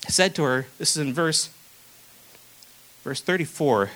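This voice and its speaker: Young man, preacher, high bright voice, casual sermon, acts out quotes. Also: expressive, moderate pace, poor audio.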